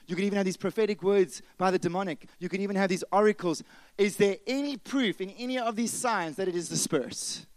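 A man preaching a sermon with passion, dropping to a hush and then rising loud again. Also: high voice, brisk, no echo, low-quality recording. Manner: impassioned preaching, swings from loud to hushed. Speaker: pastor.

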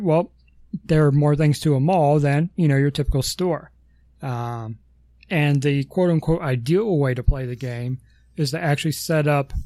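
A man's voice: on the high side, a little mellow, dry recording. A man co-hosting a casual podcast, rambling through long explanations with lots of ums and self-corrections. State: has the hiccups. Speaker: podcast co-host.

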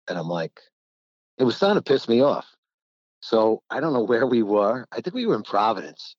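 Telling rambling stories over a dull, dry lo-fi recording, this middle-aged man who once played college basketball laughs often and acts out what others said. His mid-range voice is very animated and moderately paced, with no room sound.

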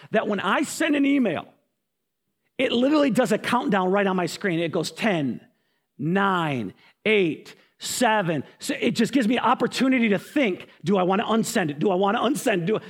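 High-voiced pastor preaching a sermon. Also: male voice, breathy edge. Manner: animated storytelling with quick bursts.

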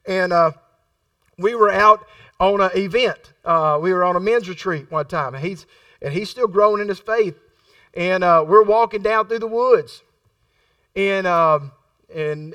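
High bright-voiced male preacher. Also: measured pace, dry recording, distant mic. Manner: conversational, repeats phrases for emphasis; acts out quoted voices in his storytelling. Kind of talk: sermon.

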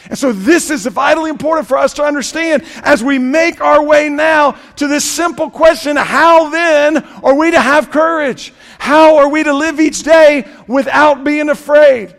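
A man preaching a sermon as pastor, building through repeated phrases and dropping to quiet, drawn-out passages. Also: creaky. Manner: preaching with repetition, swinging between loud emphasis and low quiet passages. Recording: echoey hall.

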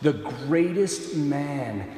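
A man preaching a sermon who tells the story dramatically and swings from loud to hushed. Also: on the high side, expressive, very slow. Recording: echoey hall with long reverb.

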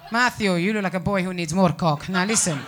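A woman voicing her blunt, older Spanish mother with a strong Spanish accent, lower and louder than her own voice, in a stand-up routine. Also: fairly quick, slight background noise, close to an everyday voice. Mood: bossy. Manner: blunt, proud, amazed by simple things. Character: direct older Spanish mum with heavy accent.

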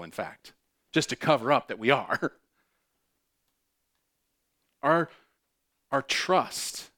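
A man preaching to his congregation with a voice of ordinary middle pitch. He moves from fervent, rising outbursts down to quiet, close-in tones and repeats key phrases to drive them home. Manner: impassioned, swings between loud bursts and hushed intimate tones. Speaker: pastor. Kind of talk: sermon.

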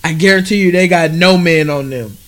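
Casting note: man, high voice, animated and joking, casual podcast banter. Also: brisk. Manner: animated, joking, often puts on quoted voices. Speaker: podcast co-host. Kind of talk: casual chat.

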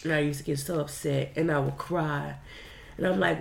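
A woman speaking to her viewers in a candid personal monologue, blunt and profane, swinging between loud outbursts and quiet stretches and calling her listeners y'all. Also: low voice, fairly even intonation, moderate pace, creaky, a little hiss or hum. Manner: frequent restarts and addresses listeners as y'all. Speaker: vlogger sharing a personal story.

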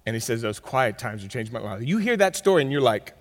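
A man preaching a sermon, telling stories with big swings between loud bursts and quiet, close talk. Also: mid-range voice, big pitch swings, fast, few pauses. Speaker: pastor. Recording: long hall reverb.

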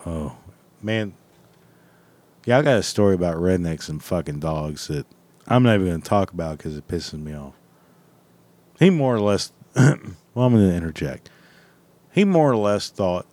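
Man, blunt and profane, rambling casual story, low voice, dry close sound. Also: expressive, normal speed, pauses often, darkish tone, no room sound.

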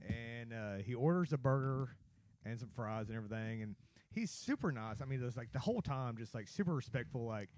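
A young man in casual chat with friends, laid-back and quick to laugh. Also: mid-range voice, animated, darkish tone, no room sound. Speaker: friend in the conversation.

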